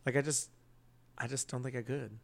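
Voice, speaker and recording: A man's voice: mid-range voice, steady tone, moderate pace, gravelly. A man co-hosting a podcast, dramatic and self-mocking, laughing often in casual chat. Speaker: podcast co-host.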